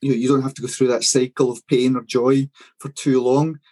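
Man, podcast co-host, mellow husky voice, measured explaining. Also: medium pitch, flat delivery, rough recording. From Scotland. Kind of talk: casual chat.

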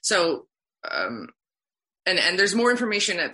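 A woman's voice: lowish voice, big pitch swings, normal speed, long pauses, pushed and bright. A woman therapist answering interview questions in an earnest, heartfelt way, with lots of fillers.

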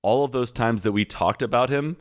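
A man hosting a podcast in casual chat, talking in quick bursts and laughing often. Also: medium pitch, no room sound, clean studio sound. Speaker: podcast host.

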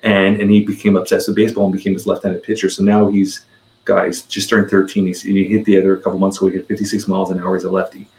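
Fast rambly guy in his 40s, lots of repeated words, echoey room. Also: deep voice, monotone, a little mellow. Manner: rambling, repeats words while building a story. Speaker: podcast guest. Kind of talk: casual storytelling in conversation.

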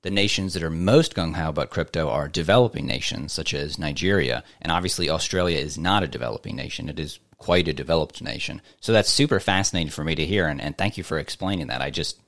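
A man's voice: rumbling low, fast, hardly any pauses, a bit bright, dry recording, studio quality. A chatty, upbeat man hosting a live crypto AMA. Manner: chatty, upbeat, lots of fillers. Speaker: host.

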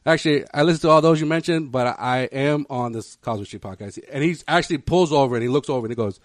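Fast, chatty podcast co-host, male, laughing storyteller, dry sound. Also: mid-range voice, dry recording. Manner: rambling storyteller, quick with laughs. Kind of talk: casual chat.

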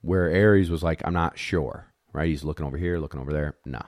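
A retriever handler with a rumbling low voice briskly tells a competition story in a casual, animated style, impersonating dogs and judges, blunt and swearing a little. The recording is dry and studio quality.

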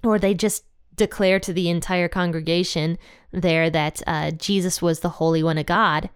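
A woman's voice: on the low side, fairly even intonation, moderate pace, clear, resonant tone, no echo, clean studio sound. A young adult woman hosting a casual Bible teaching podcast, chatty and thinking aloud with fillers and guesses.

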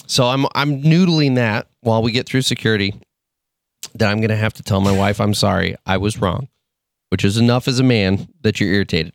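A man from Michigan co-hosting a podcast, telling stories in casual chat, animated and swearing as he acts out quotes. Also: on the low side, fairly quick, no echo, studio quality. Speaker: podcast co-host.

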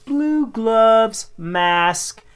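Radio co-host, woman. Animated and giggly, with a lively, swinging pitch; reads listener tweets and acts out quotes. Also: very slow, clean tone, soft background music. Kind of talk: reading listener tweets on a comedy radio segment.

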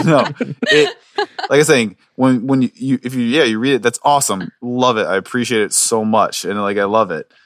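A man's voice: mid-range voice, normal speed, no echo, clean studio sound. A man co-hosting a podcast, talking casually about his book in rambling speech full of fillers and restarts. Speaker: podcast co-host and author. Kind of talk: casual chat.

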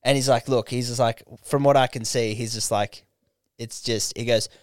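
A man's voice: medium pitch, normal speed, no room sound, studio quality. A young Australian man telling a long story on a casual podcast, swearing freely and quoting whole conversations. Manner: swearing, animated retelling with quoted dialogue. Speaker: podcast co-host.

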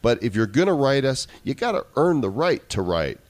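A man's voice: medium pitch, big pitch swings, normal speed, a little hiss or hum. A man co-hosting a podcast in a playful, goofy, sing-song way. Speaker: podcast co-host. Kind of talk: casual podcast banter.

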